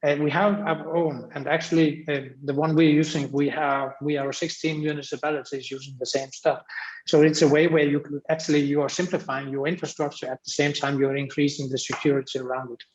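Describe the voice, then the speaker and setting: A man's voice: fairly high pitch, level tone, a little fast, echoey room, muffled recording. A man from Denmark giving a long, rambling panel answer with frequent restarts. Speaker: panel speaker.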